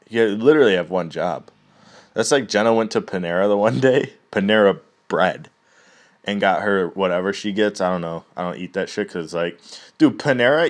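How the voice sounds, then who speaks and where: A young man in a casual, rambling rant, swearing often and laughing at his own stories. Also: lowish voice.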